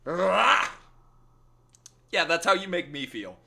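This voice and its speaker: Very animated and fairly high-pitched, this man speaks at a measured pace with a sharp tone. He's a gaming streamer casually bantering with chat, teasing and joking in a playful accent that slips now and then.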